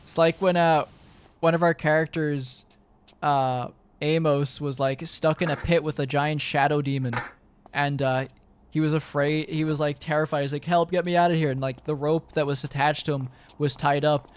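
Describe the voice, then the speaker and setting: A man's voice: on the high side, little pitch movement, moderate pace, slight background noise. A young man streaming, chatting casually to his viewers in a rambling way, full of fillers and swearing.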